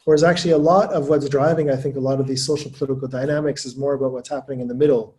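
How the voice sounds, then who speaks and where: A male scholar speaking in a webinar at a middling pitch. He talks fast and thinks aloud, restarting his sentences and repeating words as he builds his argument. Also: fairly even intonation, darkish tone. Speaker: guest speaker, academic. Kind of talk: webinar talk.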